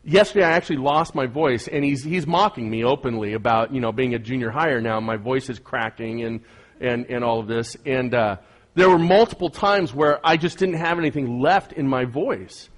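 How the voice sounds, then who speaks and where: A man's voice: mid-range voice, normal speed. A middle-aged man preaching a sermon as pastor, earnest and emphatic, often repeating phrases for weight.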